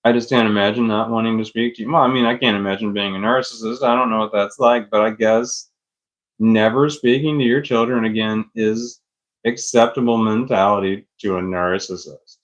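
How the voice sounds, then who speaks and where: A man's voice: lowish voice, steady tone, normal speed. A middle-aged man casually telling a long personal story, rambling, swearing freely and laughing often. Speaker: vlogger.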